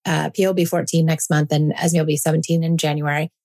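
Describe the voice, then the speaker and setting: This forties-aged woman hosting a podcast talks fast in a slightly low voice, keeping the monologue calm. She sounds earnest and reassuring, driving each point home by repeating it.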